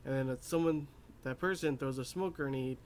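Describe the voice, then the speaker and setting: Young male anime reviewer, mid pitch, loose rambling recap with faint background noise. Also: moderate pace. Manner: rambling, many fillers, laughs at his own asides. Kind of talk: casual episode recap.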